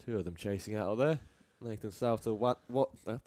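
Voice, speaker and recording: A man from England doing live ball-by-ball cricket commentary, chatty and quick to laugh between deliveries. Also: on the low side, mellow, no room sound.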